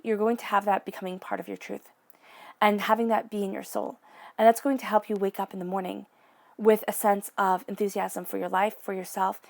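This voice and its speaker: A woman giving an encouraging psychic tarot reading in a gentle, spiritual way of speaking. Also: mid-range voice. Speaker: tarot reader.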